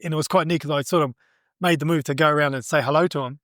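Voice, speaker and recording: A middle-aged man with a New Zealand accent, a judo coach telling stories in a casual interview, animated and laughing as he acts out what people said. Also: a little high, racing, no room sound, studio quality.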